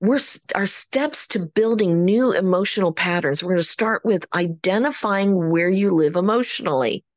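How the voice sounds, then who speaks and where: A woman's voice: mid-range voice, normal speed, few pauses, dry recording. A woman giving an upbeat motivational talk as coach at an online meeting, preaching and acting out quoted conversations. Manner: upbeat, preachy, acts out quotes in animated voices.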